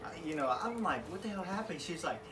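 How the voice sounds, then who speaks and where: A man's voice: high-pitched, animated, quick pace. A man casually telling a story as a cowboy, easygoing and laughing through his lines. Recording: distant mic with clear background noise.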